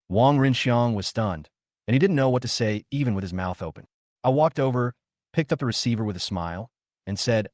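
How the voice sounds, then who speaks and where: A man narrating a first-person story recap in a calm, steady storytelling manner. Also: medium pitch, a little fast, no echo, studio quality.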